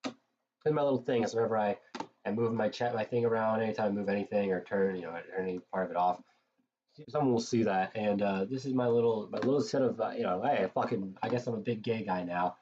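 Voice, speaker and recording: A tired man with a cold talks on a live stream in a lowish voice, rambling and swearing freely between fillers. The sound is dull and lo-fi, with a faint hiss of noise underneath. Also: fast talker, darkish tone. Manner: drowsy, profane, rambling with many fillers. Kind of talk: casual rambling stream chat.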